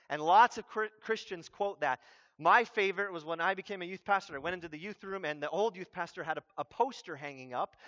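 A man preaching a sermon as a pastor, with humorous and animated delivery. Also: sits high, clean tone. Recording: dull lo-fi recording.

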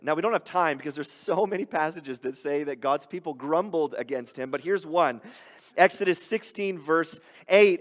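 High-pitched guy preaching, lively and chatty, echoey hall reverb. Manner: animated, conversational preaching with playful grumbling voices. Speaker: pastor. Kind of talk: sermon.

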